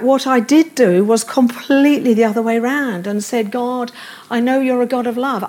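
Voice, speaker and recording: In a church service room, a middle-aged woman preaches a sermon earnestly, with repeated affirmations and light self-deprecating humor. Her voice is on the high side with a darkish tone.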